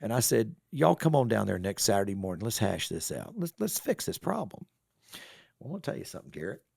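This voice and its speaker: A gravelly middle-aged man with a drawl tells a story on a podcast, his voice rising and falling as he plays every part himself. His voice sits fairly low and sounds close and dry, with no room around it. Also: fast talker, no room sound. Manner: animated storyteller acting out both sides of a conversation. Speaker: car wash owner, podcast guest. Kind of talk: casual storytelling interview.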